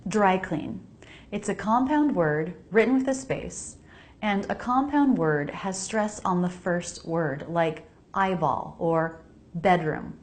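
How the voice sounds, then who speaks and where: American lady teaching pronunciation, slow careful repeats, lowish voice. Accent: General American. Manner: slow, precise, repeats words for practice. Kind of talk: pronunciation lesson voice-over.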